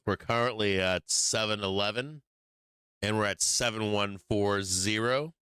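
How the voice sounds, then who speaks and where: A man with a fairly low, steady voice speaks at a measured pace, his tone pushed, bright, clear and resonant, with no room sound. He hosts a live stock market stream, rambling casually and profanely, restarting often and drifting off mic as he works his charts and screens. He has the hiccups.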